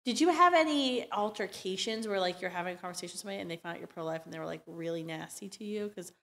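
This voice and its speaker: A woman's voice: on the low side, very fast, fairly bright tone. A woman hosting a podcast interview, chatty and opinionated, with many "like" fillers. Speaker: host.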